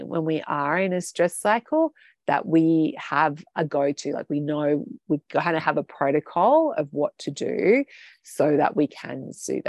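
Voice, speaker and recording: A woman leads a group coaching session over a video call, speaking in a low, gravelly voice. She rambles loosely, with lots of fillers and self-corrections. The sound is close and dry. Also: a little mellow, no echo. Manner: rambling, many fillers and restarts.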